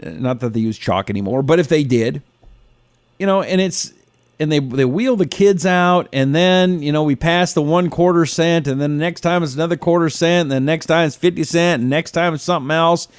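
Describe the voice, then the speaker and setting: A man's voice: on the high side, normal speed, smooth, dry recording. A man hosting a live talk show, chatty and sarcastic, reading out listener names between opinions. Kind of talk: casual live call-in talk.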